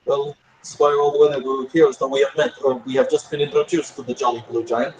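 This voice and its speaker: A man playing a tabletop game, talking casually and quick to laugh. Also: medium pitch, flat delivery. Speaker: player. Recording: roomy echo, faint noise.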